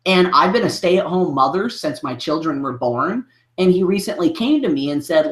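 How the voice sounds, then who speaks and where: A man's voice: a little high, lively intonation, normal speed. A man, a business coach, telling a story in a podcast interview, rambling with many restarts and filler phrases. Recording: roomy echo.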